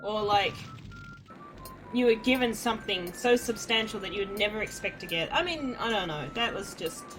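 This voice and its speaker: A woman's voice: medium pitch, normal speed, music in the background. A woman giving wry, rambling casual commentary while playing an adventure game. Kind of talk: casual let's-play commentary.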